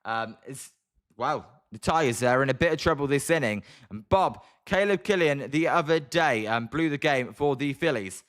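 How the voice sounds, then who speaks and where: A young man with a British accent, hosting a live stream where he comments on a game and answers chat in a quick, chatty way. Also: mid-range voice, expressive, a bit bright. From Britain. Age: young adult. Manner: fast-talking, chatty. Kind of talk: live watch-along commentary and chat replies.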